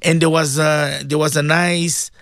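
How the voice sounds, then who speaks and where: A man hosting a live radio show, talking earnestly to his listeners, repeating himself and breaking into animated quoted voices. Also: on the high side, unhurried, vocal fry, no room sound, studio quality. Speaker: radio show host and religious teacher.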